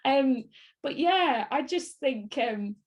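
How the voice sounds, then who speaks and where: A woman's voice: high-pitched, lively intonation, slow pace. A woman from Bolton with a Northern English accent, chatting in an interview, rambling and laughing often. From Bolton, England. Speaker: actress, interviewee. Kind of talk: casual interview chat.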